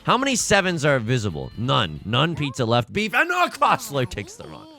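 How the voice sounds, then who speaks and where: Animated young man rambling over a game. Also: mid-range voice, moderate pace. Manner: animated, rambling, self-mocking asides. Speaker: let's play host. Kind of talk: casual gaming commentary.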